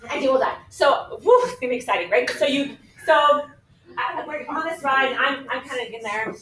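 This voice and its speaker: A middle-aged woman math teacher with a high voice tells stories and talks her class through problems in a chatty, lively way. She is picked up from across an echoey classroom, with a faint hum of room ambience behind her. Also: a little fast. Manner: chatty, lively, often checks in with 'okay?'. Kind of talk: animated classroom storytelling and teaching. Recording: echoey classroom recorded from a distance.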